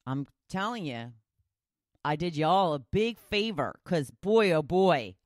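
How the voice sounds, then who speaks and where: A woman's voice: low-pitched, big pitch swings, slow pace, dry recording, clean studio sound. A woman hosting a daily talk podcast, chatting casually and poking fun at herself. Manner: chatty, self-deprecating, rambling with restarts. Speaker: talk show host.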